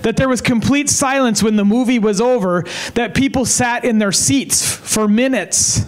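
Man, evangelist, high-pitched, fervent revival preaching, repeats phrases, deliberate emphasis. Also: low-quality recording. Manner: fervent, repeats phrases for emphasis, slows down to drive points home. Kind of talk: revival sermon. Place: evening service in a tent.

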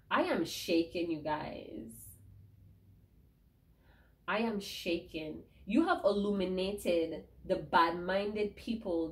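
A woman's voice: mid-range voice, darkish tone. A woman giving an emotional tarot reading to her viewers, speaking emphatically and repeating key lines. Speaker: tarot reader.

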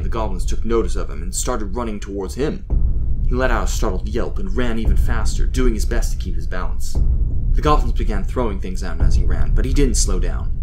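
A man reading a scripted story aloud as narrator, telling it in a steady voice. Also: lowish voice.

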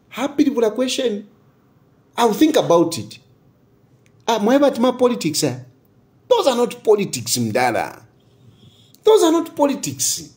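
A man with a Zambian accent delivers fiery political commentary, his voice rising and falling dramatically as he repeats his key lines. He keeps throwing out rhetorical questions in a darker, mellow tone. He slips between English and local phrases without pause. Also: very high voice, huge pitch swings.

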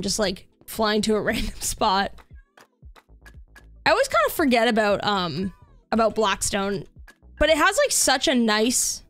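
A woman's voice: on the high side, fairly bright tone. A young woman live-streaming a game, chatting casually with lots of "like" and reacting to what happens on screen. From Canada. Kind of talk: casual live-stream chat while gaming. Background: faint background music.

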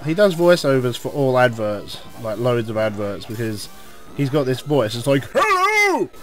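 An English man giving casual, rambling commentary while playing a video game, cursing at enemies and shouting when things go wrong. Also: medium pitch, moderate pace, soft background music. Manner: excitable, swears at enemies, rambling asides. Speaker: let's play host.

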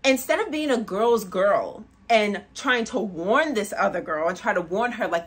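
A woman with a husky, slightly breathy voice talks through a song she is reacting to. Her delivery is casual, chatty and animated, leaning on "like" between her thoughts and breaking into quick laughs. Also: mid-range voice. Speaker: music reaction channel host.

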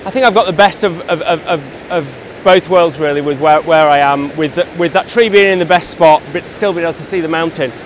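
Hiking and shooting on a mountainside, an English landscape photographer vlogs casually and enthusiastically. His voice is on the high side and brisk, with hardly any pauses, over poor audio with slight background noise.

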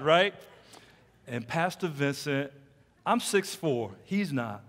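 A man preaching as a pastor, telling stories in an animated way and teasing the congregation with playful asides. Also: on the high side, slow. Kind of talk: sermon. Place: church sanctuary. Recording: long hall reverb.

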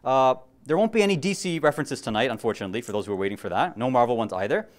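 A man's voice: mid-range voice, expressive, racing. A young man giving a casual religious lecture, chatty and joking, often putting questions to his audience.

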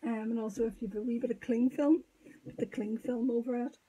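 A woman giving a step-by-step sculpting tutorial, thinking aloud as she works, halting and often dropping to a murmur. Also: on the high side, fairly even intonation, mellow, breathy edge, poor audio. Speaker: sculpting teacher.

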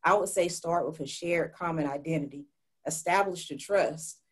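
A woman's voice: low-pitched, normal speed, slightly rough. A woman who teaches psychology, speaking as a panelist in a webinar and giving direct, emphatic advice. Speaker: psychology professor. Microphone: video call.

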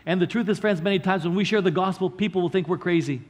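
A male pastor preaching a sermon, earnestly explaining scripture line by line and slowing down to stress key words. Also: high voice.

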